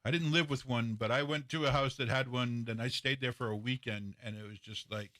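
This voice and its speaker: A man's voice: mid-range voice, steady tone, brisk, pushed and bright, no echo, clean studio sound. A man co-hosting a live stream, chatting casually in a blunt, profane, teasing way. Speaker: co-host of a live reaction stream. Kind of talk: casual chat.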